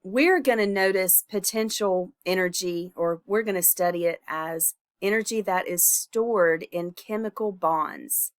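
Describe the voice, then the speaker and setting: Stuffy-voiced woman giving a lecture. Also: medium pitch. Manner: informal, halting with fillers and self-corrections. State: stuffy, congested from illness. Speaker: instructor. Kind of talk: recorded lecture.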